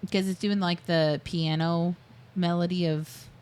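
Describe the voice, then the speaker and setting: A podcast co-host walks through a movie scene by scene in casual chat, acting out quoted lines with fillers and laughs. Her voice is fairly low, darkish and smooth, with a level tone and unhurried delivery.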